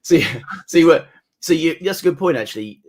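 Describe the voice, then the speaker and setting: A man as a guest in a casual hobby chat, agreeable and quick to laugh. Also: on the high side, animated. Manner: agreeable, laughs often, frequent yeahs. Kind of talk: casual hobby chat over video call.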